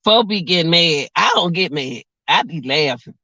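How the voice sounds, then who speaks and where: A woman's voice: deep voice, expressive, normal speed, sharp tone, dry recording, muffled recording. A woman of about forty chatting on her vlog, laughing often and joking, outdoors by a car on a cold windy day. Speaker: vlog host. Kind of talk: casual livestream chat.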